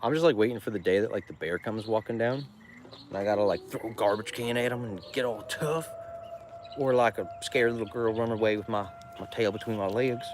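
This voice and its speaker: A man, a farmer selling goods at a roadside stand, chatting casually and joking on a livestream, rambling and often laughing. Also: mid-range voice. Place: outdoors beside a busy road. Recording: traffic noise outdoors.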